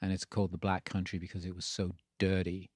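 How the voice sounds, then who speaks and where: A man's voice: low voice, monotone, fast, dry recording, studio quality. A man in his sixties from Birmingham, England, with an English accent worn into an American one, telling his story in a rambling way in an interview. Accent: mixed English and American. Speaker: guest, radio DJ. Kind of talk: casual interview talk.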